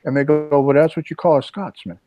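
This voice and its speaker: A man in his sixties hosting a casual video chat, telling rambling stories with lively asides. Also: a little high, fairly quick, music in the background. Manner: rambling storyteller, animated asides. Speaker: host. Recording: dull lo-fi dry sound.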